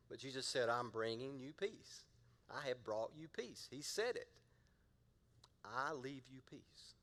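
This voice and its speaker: A man's voice: mid-range voice, fairly bright tone, in a large hall. A middle-aged man, a pastor preaching a sermon in a playful, conversational way and drawing the congregation into call-and-response.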